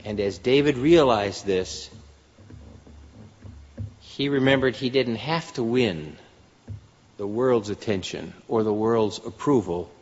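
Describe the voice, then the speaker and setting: A man preaching a sermon in an earnest style, his voice rising for emphasis. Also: lowish voice. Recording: dull lo-fi sound with long hall reverb.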